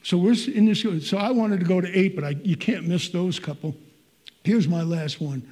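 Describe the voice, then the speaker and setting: A man's voice: high voice, normal speed, a little mellow. An older man preaching a sermon in an earnest, conversational way with folksy asides.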